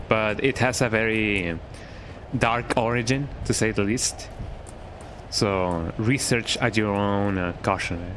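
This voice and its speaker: A man's voice: on the low side, noisy background. Rambling jokey male game streamer. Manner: rambling, jokey, tags lines with "eh". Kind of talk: casual gameplay chat.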